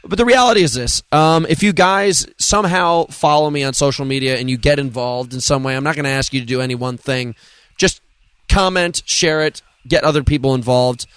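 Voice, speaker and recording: A man telling stories on a podcast with a lot of energy, swearing freely as he goes. His voice sits a little high for a man. The recording is close and dry, with no room sound. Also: brisk, clean tone, no echo. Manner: animated storyteller, swears freely. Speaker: podcast guest. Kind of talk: casual chat.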